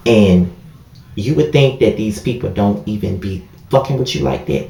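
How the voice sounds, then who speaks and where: Deep-voiced man telling an emotional story. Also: normal speed, creaky, dark tone. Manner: frequent "y'all" and "you know what I mean". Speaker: vlogger. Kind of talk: casual storytime vlog. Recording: echoey room.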